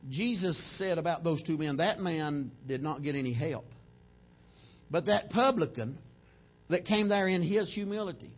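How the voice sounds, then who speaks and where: A man's voice: on the high side, breathy edge. A man preaching a sermon, acting out prayers in a raised voice as he goes.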